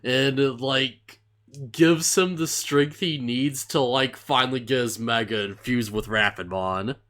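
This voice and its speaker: A man's voice: medium pitch, unhurried, fairly bright tone. A man co-hosting an anime podcast, chatting casually in a laid-back way, often chuckling and stumbling over names. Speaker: podcast co-host. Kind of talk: casual anime recap chat.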